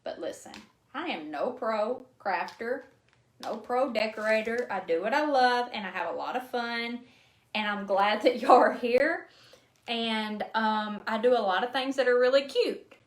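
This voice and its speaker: Speaking a little slowly in a slightly high voice, this woman runs a relaxed live craft demonstration. The space is echoey with faint noise, and as host she's chatty and self-deprecating, laughing often at her own mistakes.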